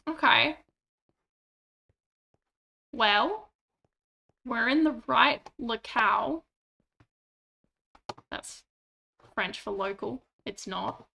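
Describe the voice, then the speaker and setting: A woman's voice: fairly high pitch, lively intonation, drawn-out words, gravelly, pauses often, bright, forceful tone, slight background noise. A woman streaming a game, chatting casually in rambling, self-deprecating asides on a cheap microphone. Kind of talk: casual gameplay commentary. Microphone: cheap desktop microphone.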